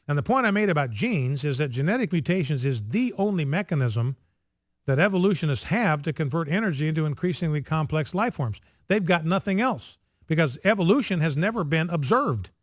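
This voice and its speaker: A man hosts a talk radio show, driving his points home by repeating them. His voice sits fairly high for a man. The studio sound is dry and close. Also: no room sound. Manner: emphatic, repeats points for effect.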